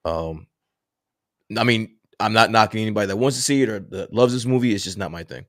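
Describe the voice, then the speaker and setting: A man co-hosting a casual chat, speaking in a laid-back, measured way with some hesitation. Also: lowish voice, a bit bright, no room sound, clean studio sound. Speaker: co-host.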